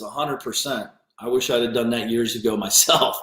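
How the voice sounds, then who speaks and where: A man's voice: medium pitch, moderate pace, pushed and bright. A man hosting a business coaching livestream, ranting bluntly and confrontationally with lots of swearing. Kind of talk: livestream rant. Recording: roomy echo.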